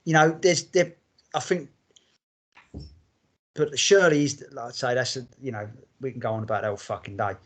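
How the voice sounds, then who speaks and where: A man's voice: mid-range voice, normal speed, long pauses. A man co-hosting a casual podcast, blunt and matey, swearing often. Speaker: podcast co-host. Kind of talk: casual chat.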